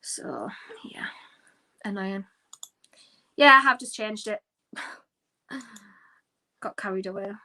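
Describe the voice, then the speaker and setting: A woman's voice: mid-range voice, takes it slowly, pauses often, sharp tone. A woman hosting a live football watchalong, ranting in exasperation with frequent sighs as she reacts to the match.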